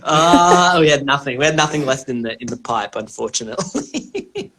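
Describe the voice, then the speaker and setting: Aussie comedian bloke rambling thru a story, laughs and swears a lot, casual podcast chat. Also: male voice, fairly high pitch, very animated, moderate pace, fairly bright tone. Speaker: comedian guest.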